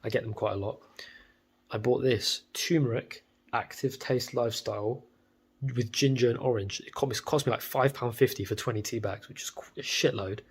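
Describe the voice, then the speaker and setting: A man's voice: medium pitch, steady tone, moderate pace, husky. A young British man with a stuffy cold, talking bluntly and profanely in a rambling casual monologue. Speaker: vlogger.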